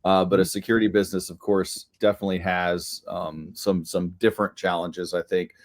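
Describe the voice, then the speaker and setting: A man's voice: sits low, level tone, brisk. A man hosting a podcast interview, asking long, chatty questions with many fillers. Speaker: podcast host.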